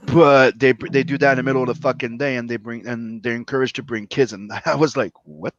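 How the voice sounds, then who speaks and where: A man's voice: mid-range voice, fairly even intonation, a little fast, dull audio, slight background noise. A man chatting bluntly on a podcast, stumbling a little over his words. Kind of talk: casual chat.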